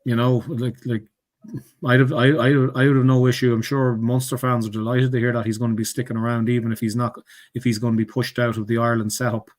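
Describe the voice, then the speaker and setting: A man's voice: medium pitch, flat delivery, fast talker. Hesitant man weighing his words. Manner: hesitant, many fillers. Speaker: panelist. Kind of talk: casual podcast chat.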